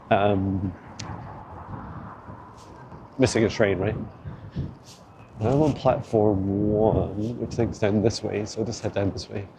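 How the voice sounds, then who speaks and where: Filming a walking tour vlog on a handheld phone, a man with a lowish voice rambles through outdoor city streets, laughing often and chatting casually. The background is noisy.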